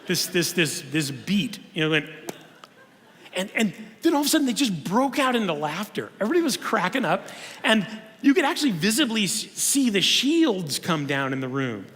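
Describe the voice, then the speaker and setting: A man giving a humorous conference lecture in a church auditorium, telling stories in an animated way with frequent restarts. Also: high voice, moderate pace. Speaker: conference speaker. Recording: long reverb of a church hall.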